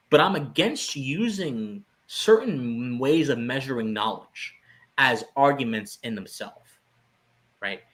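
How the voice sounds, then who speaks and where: Bright-voiced man lecturing on a podcast. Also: mid-range voice. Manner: lecturing, searching restarts and emphatic jumps. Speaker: podcast co-host. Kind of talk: casual philosophical commentary.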